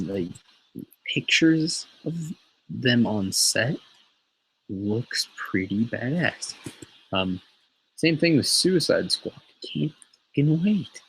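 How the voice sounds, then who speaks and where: A man's voice: lowish voice, vocal fry, breathy edge, rough recording. A man hosting a casual show, rambling and swearing freely as he chats. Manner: profane, rambling, laughs often. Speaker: show host.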